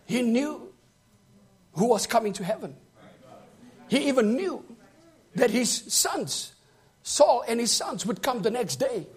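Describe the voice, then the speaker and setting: A man preaching with an unusually high voice that climbs even higher as he shouts. He delivers a fervent sermon and keeps calling out for amens from the congregation. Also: slightly rough.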